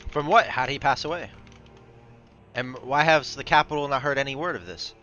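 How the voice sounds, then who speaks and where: A man's voice: medium pitch, a little fast, bright, forceful tone, soft background music. A man playing a tabletop game, asking probing questions in character, in a dull lo-fi recording. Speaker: player.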